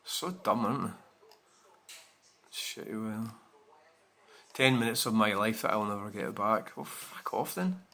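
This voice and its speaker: A man's voice: fairly low pitch, steady tone, unhurried, long pauses, bright, forceful tone. A man chatting casually to his viewers, rambling with many fillers and restarts. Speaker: channel host. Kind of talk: casual chat to camera.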